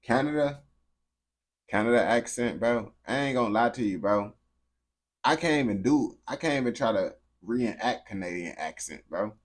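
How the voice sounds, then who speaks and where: A young man talks with a game character in a loose, slang-filled way, repeating himself as he goes. His voice sits in an ordinary middle pitch. He drops into low mutters, then jumps up into loud, excited yelling. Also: moderate pace. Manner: slangy, repetitive, swings between mumbling and excited yelling. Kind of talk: casual chat with a game character.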